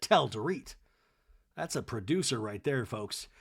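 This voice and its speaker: A man's voice: medium pitch, expressive, unhurried, gravelly, breathy edge. A man hosting a comedy podcast, recapping a reality show in a wry, sarcastic, chatty way.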